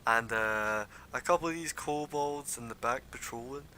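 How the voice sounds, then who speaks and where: A man's voice: normal speed, crowd noise. A man narrating an online tabletop game as game master, casual and full of fillers. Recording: noisy low-quality stream recording.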